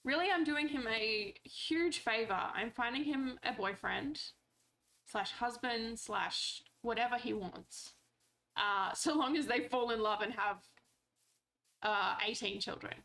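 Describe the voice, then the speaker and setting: A woman's voice: fairly high pitch, unhurried, bright, forceful tone. A woman streamer chatting playfully through her gameplay, talking to the characters on screen and swearing casually.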